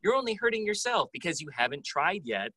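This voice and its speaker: A man's voice: high voice, big pitch swings, brisk, pushed and bright, husky, dry recording, poor audio. A young man hosting a voice acting class session, responding with enthusiasm and promoting the upcoming course. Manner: enthusiastic, affirming. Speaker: host. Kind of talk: casual interview chat.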